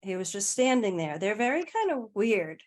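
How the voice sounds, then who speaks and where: A woman's voice: medium pitch, very animated, normal speed. A woman guest in a casual conversation, telling a personal story in a chatty way, often laughing and trailing off mid-sentence.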